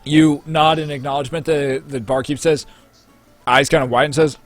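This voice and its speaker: A young man narrating a tabletop game as game master, halting often and restarting his sentences. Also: fairly high pitch, fairly even intonation, dry recording. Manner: halting, many fillers and restarts. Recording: faint music behind.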